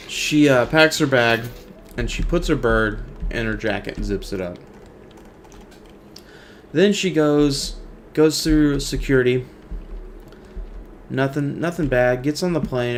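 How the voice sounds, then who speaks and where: A gravelly-voiced man tells a long joke in a loose, rambling way while he plays a game. His voice has a rough, fried edge, and a faint hiss sits under it from a desk mic. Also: medium pitch. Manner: rambling storyteller, many restarts. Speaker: streamer host. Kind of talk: casual joke-telling while gaming.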